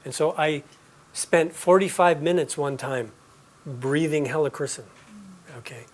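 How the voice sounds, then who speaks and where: A man teaching a live class, explaining and telling stories in a relaxed, conversational way. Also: fairly high pitch, unhurried. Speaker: aromatherapy teacher.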